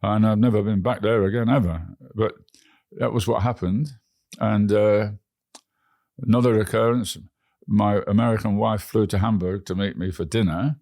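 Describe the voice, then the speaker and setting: A man's voice: lowish voice, steady tone, normal speed, a little mellow, dry recording, studio quality. A man with an English accent, a guest telling rambling travel stories in an interview, often restarting his words. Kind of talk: anecdotal storytelling.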